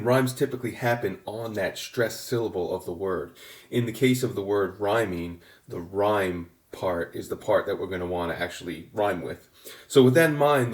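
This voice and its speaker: Low-voiced man teaching in an echoey room. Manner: patient, methodical, with frequent fillers and restarts. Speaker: songwriting instructor. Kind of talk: explanatory lesson.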